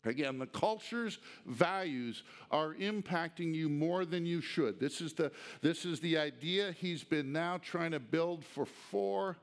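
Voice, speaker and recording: A man preaching an expository sermon, teaching deliberately and emphatically through a text. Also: on the high side. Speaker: pastor.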